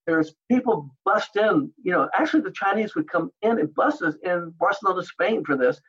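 Husky high-voiced man telling stories. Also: normal speed, lo-fi sound. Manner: animated anecdotes, acts out others' lines. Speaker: guest, martial artist and actor. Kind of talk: storytelling interview.

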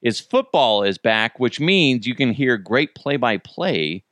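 Over a recording without echo, a man in his thirties takes it slowly in a mid-range voice. He's the host of a casual solo podcast, telling animated stories full of jokes and free swearing.

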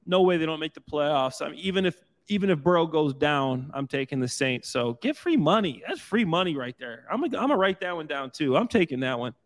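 A man who played pro football, talking loosely and excitedly in bursts, with restarts, on a sports panel. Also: fairly high pitch, fairly quick, few pauses. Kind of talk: casual sports chat.

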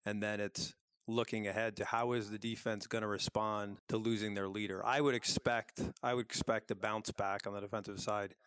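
A former coach talking college football in a measured, thoughtful way. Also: male voice, on the low side, flat delivery, a bit bright, clear, resonant tone, no echo. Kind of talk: casual sports talk.

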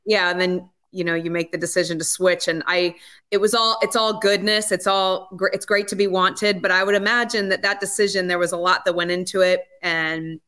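A woman hosts a casual podcast interview. Her voice is bright and a little tense, and she shapes her friendly questions haltingly as she goes. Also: on the low side, fairly even intonation. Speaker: podcast host.

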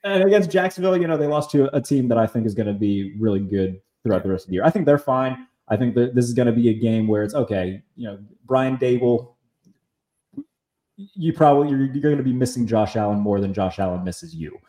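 A man hosting a casual sports talk podcast, chatty, full of fillers and quick asides. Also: medium pitch, lively intonation, warm tone, echoey room. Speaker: podcast host.

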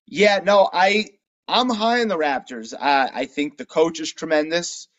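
A man co-hosting a casual sports talk show, animated and quick to push back with pointed questions. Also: on the high side. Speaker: podcast co-host.

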